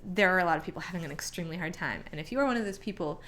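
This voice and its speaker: Chatty young woman vlogging, lower voice. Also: expressive, rapid-fire, fairly bright tone. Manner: chatty, lots of "like" fillers, acts out her own reactions. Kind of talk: casual pregnancy vlog chat.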